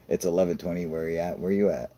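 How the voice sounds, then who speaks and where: Scratchy, very deep American man joking. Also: warm tone. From United States. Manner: joking, laughs often, heavy swearing. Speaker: livestream host reading chat. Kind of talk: casual profane banter.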